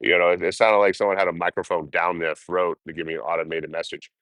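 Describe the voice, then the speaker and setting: Deep-voiced profane man telling road stories. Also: quick pace, no room sound. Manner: profane, animated storytelling. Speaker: hitchhiking livestreamer. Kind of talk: casual storytelling on a livestream.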